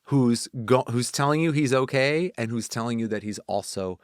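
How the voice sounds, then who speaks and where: A man's voice: moderate pace, clear, resonant tone, no echo, clean studio sound. A man, a voice actor and director, telling a personal story in casual conversation, acting out other people's lines as he goes. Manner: animated storyteller who acts out quotes in high voices.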